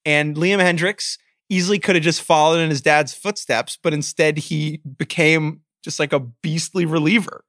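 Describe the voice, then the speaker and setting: A man's voice: a little high, fairly even intonation, normal speed, few pauses, a bit bright, no echo, studio quality. A man co-hosting a casual sports podcast, playful and chatty as he tells player stories. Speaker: podcast co-host.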